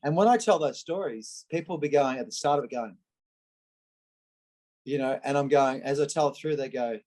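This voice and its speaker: A man, a guest in an interview, telling candid personal stories in an animated way and acting out the voices of the people he quotes. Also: medium pitch, normal speed, low-quality recording. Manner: animated, acts out quoted voices, frequent restarts. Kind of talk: candid conversational storytelling.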